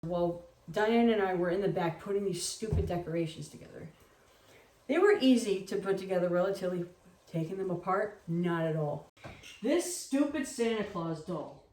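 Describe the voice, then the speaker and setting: A young woman telling stories from her life in a lively, casual way, acting out the people she quotes and swearing freely. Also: on the low side, moderate pace, recorded from a distance, slight background noise. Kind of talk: casual storytelling. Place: home kitchen. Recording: echoey room.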